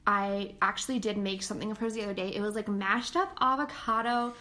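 A woman co-hosting a podcast, chatting casually with lots of fillers and lively retellings. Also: mid-range voice, brisk. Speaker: podcast co-host. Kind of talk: casual chat.

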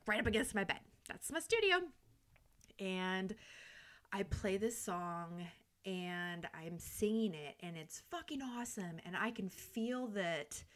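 A young woman hosting a podcast, telling a story in a casual, animated way, laughing often and swearing freely. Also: mid-range voice. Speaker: podcast host.

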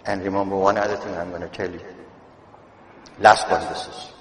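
An older man giving a Friday sermon in a mosque, moving from quiet asides to loud, emphatic exhortation and wry teasing of the congregation. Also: low-pitched, flat delivery, brisk, a little hiss or hum. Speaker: mosque preacher. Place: mosque prayer hall. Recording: echoey hall with long reverb.

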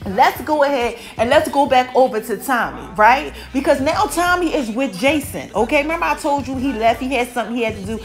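Chatty high-voiced woman host. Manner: chatty, animated, acts out the characters' lines in quick asides. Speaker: podcast host recapping a TV episode. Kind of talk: casual chat.

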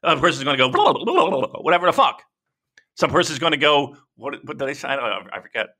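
A man's voice: fairly high pitch, quick pace. A man co-hosting a casual podcast, rambling and swearing freely as he talks wrestling. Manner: profane, rambling, animated. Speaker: podcast co-host.

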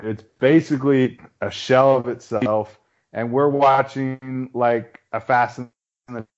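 A man's voice: medium pitch, fairly even intonation, takes it slowly. A man joins a casual podcast chat from home over a phone hotspot, and the connection sounds dull and lo-fi. He talks emphatically and swears freely as he builds up to his point. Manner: emphatic, profane, building up to a punchline. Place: home outside a big city, on a phone hotspot. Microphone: remote call over a phone hotspot. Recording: dull lo-fi online call.

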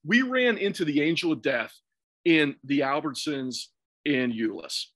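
A man's voice: fairly high pitch, expressive, unhurried, fairly bright tone, no room sound, clean studio sound. A man casually telling a long, profane story on a podcast, rambling through restarts and fillers. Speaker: podcast guest or host.

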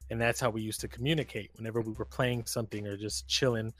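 A man's voice: on the low side, steady tone, fast, fairly bright tone, soft background music. A man co-hosting a casual podcast, telling a story animatedly with slang and plenty of swearing. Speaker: podcast co-host. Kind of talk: casual chat.

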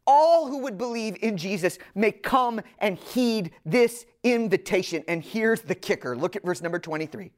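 A woman preaching a sermon, speaking directly to her listeners in an earnest, emphatic way and slowing down on key phrases. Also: a little high, darkish tone.

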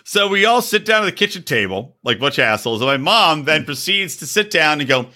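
A man's voice: on the high side, sing-song, fast talker, hardly any pauses, pushed and bright. A man hosting a podcast, telling profane stories and teasing his co-host, laughing often. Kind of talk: crude casual banter.

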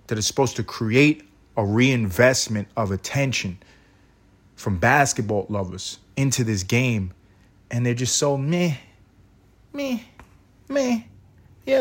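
A man hosting a solo podcast from his bed, ranting in a rambling, profane, animated way. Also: mid-range voice. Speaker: podcast host. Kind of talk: solo casual podcast rant.

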